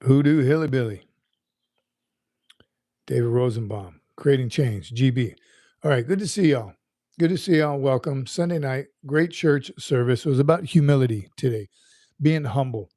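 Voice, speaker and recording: A man's voice: mid-range voice, moderate pace, mellow, no echo, clean studio sound. A man hosting a casual livestream, greeting viewers by name in an upbeat, folksy, rambling way. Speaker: livestream host.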